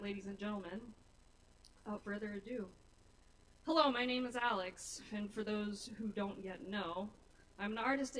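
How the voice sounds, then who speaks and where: A woman's voice: medium pitch, fairly bright tone. A young woman on a small bar stage reads her rhymed spoken-word poems with nervous sincerity. She stands a bit back from the stage mic, so her voice sounds slightly distant. A faint hiss of room noise sits under the live recording. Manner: nervous, earnest rhyming delivery. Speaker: open mic poet. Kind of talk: spoken-word poetry performance.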